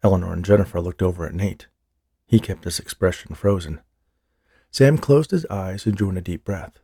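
A man narrating an audiobook in a steady, even storytelling manner. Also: sits low, normal speed, vocal fry, slightly rough, dry recording, clean studio sound. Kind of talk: scripted narration.

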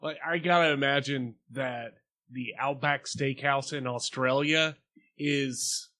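A man's voice: medium pitch, fairly even intonation, slow pace, pushed and bright. A man co-hosting a podcast in casual banter, argumentative and insistent. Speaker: podcast co-host.

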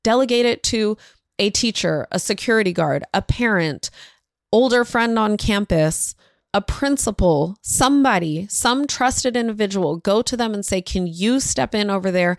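A woman hosts a parenting show and talks straight to her listeners with earnest, instructive directness. Her voice sits at a middle pitch, and the recording is dry and close. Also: animated, moderate pace, dry recording. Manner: direct, warmly instructive, addresses listeners as y'all. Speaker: parenting podcast host. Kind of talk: earnest advice talk.

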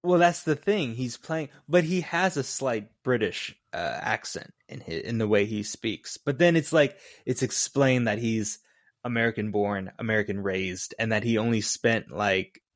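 Excitable man in casual movie chat. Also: mid-range voice, normal speed, dry recording, clean studio sound. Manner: animated, excitable, laughs often, frequent filler words. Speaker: podcast co-host.

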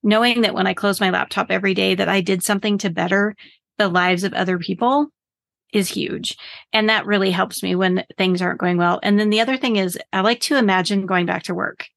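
A woman's voice: medium pitch, fairly even intonation, a little fast, gravelly, a bit bright, no echo. A woman business coach, a guest on a podcast, talking in an upbeat, earnest way with loose restarts. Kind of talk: casual podcast interview.

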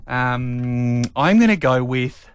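A man co-hosting breakfast radio, jokey and hurried. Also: mid-range voice, expressive, smooth, no echo. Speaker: radio co-host.

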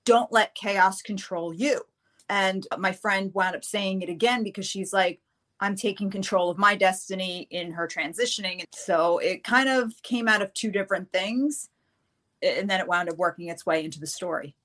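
A woman author, a guest on an interview show, telling a story with energy and acting out the voices of the people in it. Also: moderate pace. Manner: lively, acts out the people in her story with big pitch jumps.

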